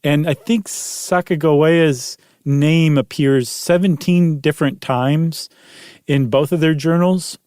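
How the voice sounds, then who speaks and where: A man's voice: fairly high pitch, fairly even intonation, takes it slowly, a little mellow, no echo, studio quality. A man hosting a podcast in casual chat, explaining things at length and chuckling often. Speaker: podcast host.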